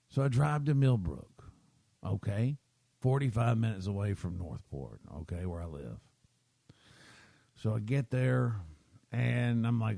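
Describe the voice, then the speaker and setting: A man's voice: fairly low pitch, lively intonation, unhurried, gravelly, dark tone, no echo. A man, hosting a podcast and rambling through a self-deprecating story while checking in with his listeners. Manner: chatty, keeps checking in with listeners. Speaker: podcast host.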